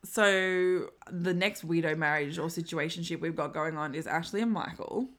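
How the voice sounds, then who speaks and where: Young woman, casual podcast co-host; slightly low register, chatty, quick to laugh. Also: a bit bright. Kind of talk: casual chat about reality TV.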